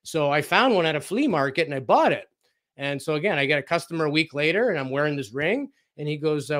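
A man's voice: mid-range voice, animated, fast talker, fairly bright tone. Man telling stories in an interview. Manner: anecdotal, acts out quoted dialogue, frequent fillers. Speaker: interview guest, researcher. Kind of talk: casual storytelling in a radio interview.

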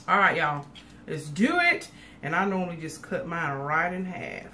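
A woman's voice: lowish voice, moderate pace, pushed and bright, a little hiss or hum. A woman, chatting casually with viewers in a folksy cooking and eating vlog from her home kitchen. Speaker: cooking vlogger.

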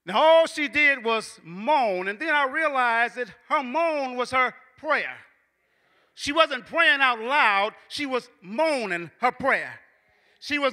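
A man preaching a sermon as a church elder, with a repetitive cadence that builds into shouting. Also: very high voice, animated, slow, in a large hall. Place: church sanctuary.

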